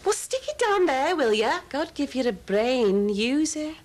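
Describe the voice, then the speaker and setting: A woman's voice: high voice, sing-song, unhurried, slight background noise. A bossy mother. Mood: scornful. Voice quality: scolding, blunt. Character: bossy, sharp-tongued middle-aged mother. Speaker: mother visiting her son. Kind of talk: TV soap acting.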